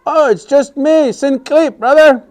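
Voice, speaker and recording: A man's voice: very high-pitched, a little slow, a little mellow, voice pushed up. A man voicing a sly, boastful male coyote trickster in a children's story, eager and scheming. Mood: wheedling.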